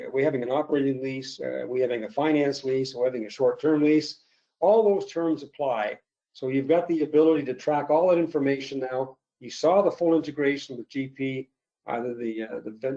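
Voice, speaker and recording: Male presenter, steady explanatory webinar demo; warm, muffled audio. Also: mid-range voice, brisk. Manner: explanatory, steady walkthrough with fillers.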